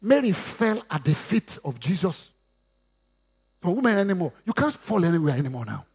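A man's voice: high-pitched, moderate pace, breathy edge. A man with a Nigerian accent preaching a sermon, slipping into Yoruba and acting out quotes. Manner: lively preaching with Yoruba asides and acted quotes. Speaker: pastor.

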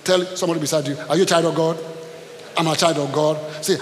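A man's voice: fairly high pitch, steady tone, quick pace. A middle-aged man preaching to a congregation, calling for responses and telling stories. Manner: call-and-response preaching, storytelling. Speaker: pastor. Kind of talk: sermon. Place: church hall. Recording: echoey hall with hiss.

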